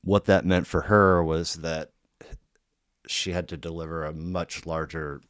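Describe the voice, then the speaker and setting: A low-pitched man with a smooth, resonant voice, recorded close and dry. He chats loosely and profanely, piling up fillers and restarts as he tells his story. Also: steady tone, measured pace, dry recording. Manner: profane, rambling, filler-heavy. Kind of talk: casual storytelling chat.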